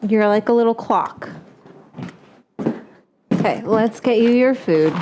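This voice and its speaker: A woman's voice: a little high, creaky, noisy background. A woman hosting a home cooking show in casual chat. She swears freely, keeps breaking into coughing fits, and baby-talks to her dog in her kitchen.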